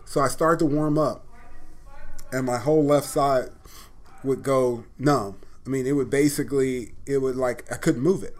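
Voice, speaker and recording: A former pro football player telling stories in a casual interview, acting out what others said. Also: male voice, mid-range voice, normal speed. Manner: animated anecdotes, acts out quoted voices.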